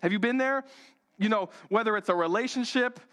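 Young guy preaching like he's just chatting, lots of likes and ums, kinda high voice. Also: fairly quick, fairly bright tone. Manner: rambling, conversational, many fillers. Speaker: pastor. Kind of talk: sermon with personal story.

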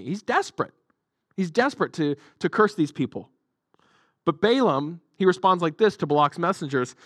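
A man's voice: on the high side, expressive, normal speed, no echo, studio quality. A male pastor preaching a sermon in a conversational, jokey way with many fillers.

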